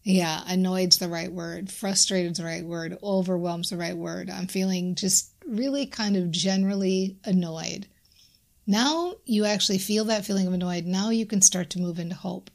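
A woman's voice: mid-range voice, creaky, darkish tone. A woman coach giving a casual instructional talk, conversational and repeating her phrases for emphasis. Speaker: abundance coach.

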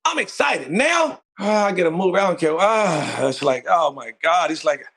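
A man from North Carolina, a guest actor, telling his story in an animated, emphatic way and repeating phrases for stress. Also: on the high side, moderate pace, creaky, breathy edge. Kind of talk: excited storytelling interview.

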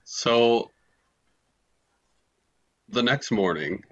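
A man co-hosting a podcast, answering in a deadpan, joking way in casual chat. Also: mid-range voice, drawn-out words, muffled recording. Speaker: podcast co-host.

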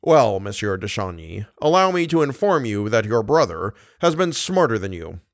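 A man's voice: fairly low pitch, big pitch swings, normal speed, dry recording, studio quality. A man doing a smug police commissary. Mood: probing. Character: self-satisfied middle-aged male police commissary.

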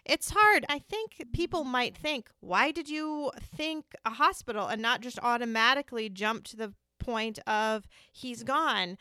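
Woman host, fairly high and smooth, empathetic fellow parent. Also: dry recording, clean studio sound. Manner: gentle, affirming, speaks as a fellow parent. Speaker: interviewer. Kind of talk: empathetic podcast interview.

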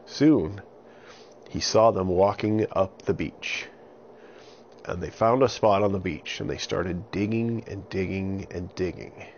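Gravelly man telling a children's story. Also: sits low, slow pace. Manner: animated, with sound effects. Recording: dull lo-fi recording with faint hiss.

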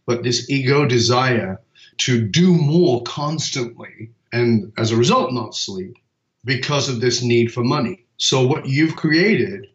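A man talks as a purpose coach in a podcast chat, driving his points home with emphatic stories and the odd swear word. His voice sits at an ordinary pitch for a man. The sound is roomy with echo and comes across slightly dull and muffled. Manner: emphatic storytelling, casual swearing. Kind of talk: conversational podcast talk.

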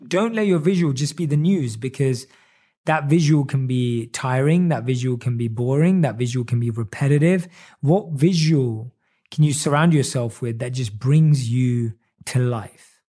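A man speaking earnestly to listeners about coping with loneliness, repeating phrases and slowing down to stress key words. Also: medium pitch, warm tone. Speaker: self-help speaker. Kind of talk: motivational monologue to camera.

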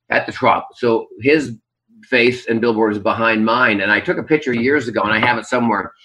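Speaking from his kitchen, this Canadian stage entertainer, a Las Vegas Strip performer appearing as a guest, reflects earnestly in a long, rambling answer full of fillers. His medium-pitched voice is bright and forceful, though the audio is poor.

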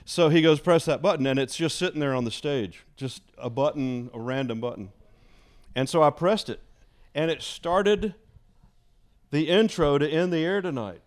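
Guy, old radio dj, telling a lively story, slightly high voice, does voices and laughs a lot. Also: moderate pace. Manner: animated storyteller, imitates voices and laughs often. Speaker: former radio DJ guest. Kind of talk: casual storytelling chat.

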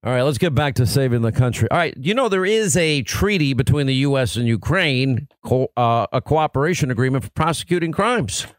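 A man hosting talk radio, reading ads and bantering with his co-host in a fast, jokey way. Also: medium pitch, lively intonation, dry recording. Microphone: studio microphone.

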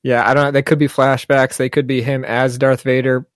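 A man co-hosting a podcast in casual chat, playful and joking with quick laughs. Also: medium pitch, flat delivery, no room sound, studio quality. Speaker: podcast co-host.

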